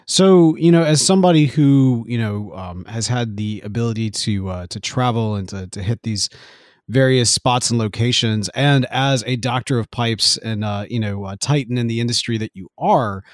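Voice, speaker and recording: Male podcast host, mid pitch, dry studio sound, teasing and filler-heavy. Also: moderate pace, no echo. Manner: playful, teasing, lots of fillers. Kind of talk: casual podcast chat.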